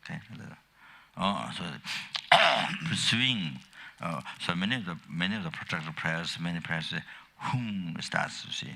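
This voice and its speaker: An older man giving a Dharma teaching as a Buddhist teacher, speaking in a halting, rambling way with many fillers and restarts, and coughing often. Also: low voice, very animated, creaky, sharp tone.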